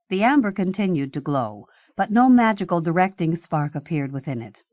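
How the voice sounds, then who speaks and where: Woman reading an audiobook, low-pitched. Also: no room sound, highs cut off. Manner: measured, even reading. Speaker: audiobook narrator. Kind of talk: scripted audiobook narration.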